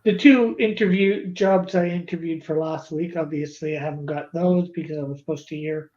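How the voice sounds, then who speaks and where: A man's voice: on the high side, fairly even intonation, moderate pace, lo-fi sound, over a noisy crowd. A man chatting casually on a stream, hesitant and full of restarts and "you know"s. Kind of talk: casual chat.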